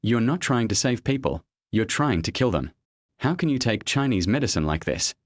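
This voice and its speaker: A man's voice: medium pitch, very animated, normal speed, dry recording, close to an everyday voice. Guy doing a bad-tempered young woman, snapping and scornful, dry sound. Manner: sharp, scolding.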